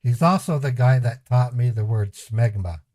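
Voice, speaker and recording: A man's voice: medium pitch, lively intonation, normal speed, a little mellow, dry recording. A man hosting a scambaiting livestream, telling rambling family anecdotes to his chat with a chuckle and voiced quotes. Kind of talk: casual storytelling to a live chat.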